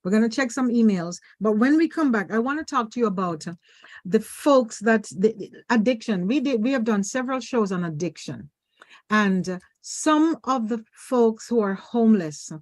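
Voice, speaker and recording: A woman from Ontario co-hosting a talk show, chatty and quick to finish others' sentences. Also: fairly high pitch, dry recording. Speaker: radio show co-host. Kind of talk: casual talk show chat.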